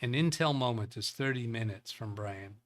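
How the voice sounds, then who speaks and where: A man with a bright, sharp-edged voice hosts a casual live tech show at an ordinary middle pitch. He reads out viewer chat and thinks aloud as he works, rambling and chuckling between points. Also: moderate pace, slight background noise. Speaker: tech livestream host.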